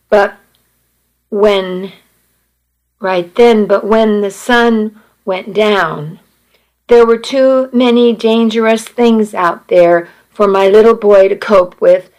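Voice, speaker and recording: A woman's voice: medium pitch, slow pace, darkish tone, rough recording. A woman narrating a first-person story in a plain, earnest reading voice.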